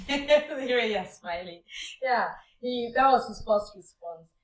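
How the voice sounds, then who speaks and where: A woman retelling a religious story as a lesson, animated, acting out the characters' exclamations. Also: on the high side, slow. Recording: roomy and distant from the mic.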